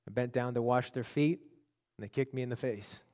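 A man's voice: mid-range voice, darkish tone. Man preaching in an echoing hall. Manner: halting, repeats words, builds in intensity. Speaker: pastor. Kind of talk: sermon storytelling.

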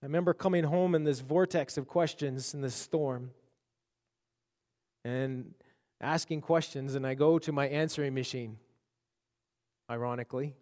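A man preaching a sermon and telling a personal story, halting and repeating words as his intensity builds. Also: medium pitch, darkish tone, big-room sound. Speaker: pastor.

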